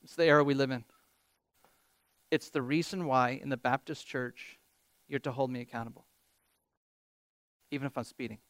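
A man preaching a sermon as pastor, animated, reading scripture with rising emphasis and joking about himself. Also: mid-range voice, normal speed, long pauses, no echo. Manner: animated, quotes scripture with rising emphasis, self-deprecating humor.

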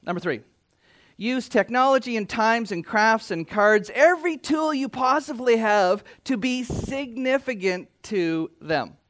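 Earnest male pastor preaching, fairly high voice. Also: animated, unhurried. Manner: earnest preaching, with quiet asides and lifted exhortations. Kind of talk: sermon. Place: church.

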